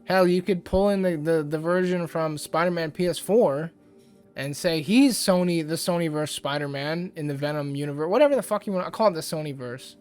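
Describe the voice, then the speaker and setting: A man's voice: on the high side, a little fast, darkish tone, clear, resonant tone, soft background music. A man hosting a casual ranting commentary vlog, rambling and exasperated, with lots of fillers. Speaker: YouTube host.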